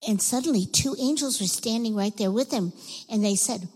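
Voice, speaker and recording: A woman teaching children in church, speaking in a breathy, animated way and leading the group in shouted chants. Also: mid-range voice, a little fast, in a large hall. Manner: animated, leads group chants in a loud call. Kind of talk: children's sermon. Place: church sanctuary.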